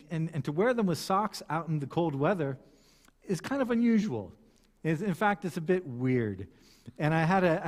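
A male pastor giving a sermon in a conversational, storytelling way with frequent restarts. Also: high-pitched. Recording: long hall reverb.

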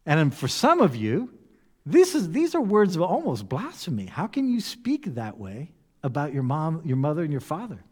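A man preaching a sermon in an animated way, now and then acting out voices with humor. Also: fairly high pitch, normal speed, husky. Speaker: pastor. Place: church hall. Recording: long echo of a church hall.

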